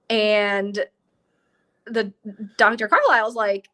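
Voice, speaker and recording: A woman's voice: fairly high pitch, expressive, moderate pace, pushed and bright. A woman co-hosting a podcast, retelling a film in casual chat and voicing the characters' lines. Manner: chatty, acts out characters' lines. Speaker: podcast co-host. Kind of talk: casual movie discussion.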